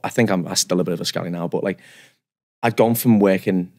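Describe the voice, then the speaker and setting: A man, telling stories as a podcast guest in an animated, self-deprecating, rambling way. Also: low-pitched, fast. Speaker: guest barber. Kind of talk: casual podcast storytelling.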